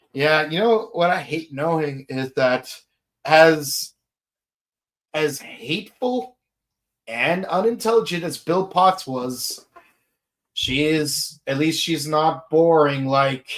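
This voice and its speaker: Male podcast co-host, unhurried, rambling, jokey. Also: on the high side, a bit bright. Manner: rambling, joking, many restarts and fillers. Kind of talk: casual podcast chat.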